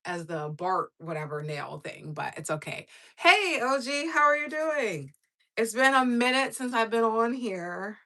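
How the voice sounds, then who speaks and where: A woman's voice: fairly high pitch, sharp tone. A woman hosting a casual livestream, rambling with lots of fillers while she does her nails and chats with viewers. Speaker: livestream host.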